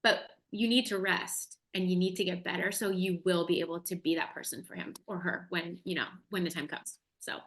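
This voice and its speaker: A woman's voice: lowish voice, fairly even intonation, a little fast, hardly any pauses, fairly bright tone. A woman guest on a podcast, candidly and expressively telling her personal story.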